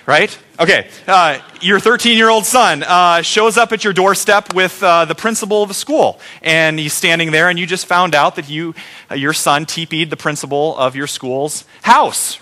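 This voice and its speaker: A middle-aged male pastor preaching a sermon, telling stories with acted-out sounds and quoted replies. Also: high voice. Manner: animated storytelling, acts out sounds and quoted replies.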